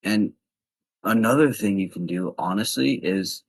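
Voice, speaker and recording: This young vlogger from the US East Coast speaks unhurriedly in a low, husky voice, offering casual advice. He rambles earnestly with fillers, and the rough recording has no room sound.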